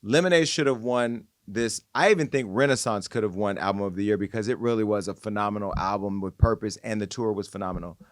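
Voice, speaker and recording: A man hosting a podcast, giving casual, opinionated pop-culture commentary in an animated, gossipy way. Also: fairly low pitch, quick pace, hardly any pauses, dry recording. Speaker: podcast host.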